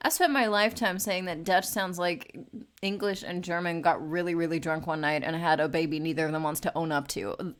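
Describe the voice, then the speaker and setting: A woman's voice: fairly low pitch, steady tone, fairly quick, smooth. A woman in her late twenties chatting casually and rambling as she draws on a live stream, swearing freely. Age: late 20s. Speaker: art streamer. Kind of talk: casual chat while drawing.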